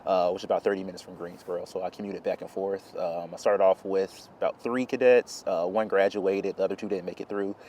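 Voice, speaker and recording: A man in his thirties from North Carolina, hoarse today, telling his career story as a guest in a casual interview with easy laughs and many fillers. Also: low voice, fairly quick, hardly any pauses, a little hiss or hum. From Charlotte, North Carolina. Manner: relaxed, laughs between stories, uh-filled. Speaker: guest, Air Force intelligence officer.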